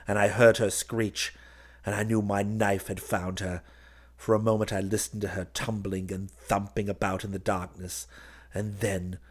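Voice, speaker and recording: A man narrating a first-person horror story in an intense, measured, theatrical reading. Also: on the low side. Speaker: audiobook reader.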